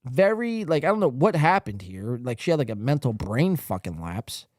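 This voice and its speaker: Crude, rambling podcast host, dry mic. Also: male voice, medium pitch, sing-song, moderate pace, a little mellow, dry recording. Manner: crude, rambling, swears freely. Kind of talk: casual commentary over clips.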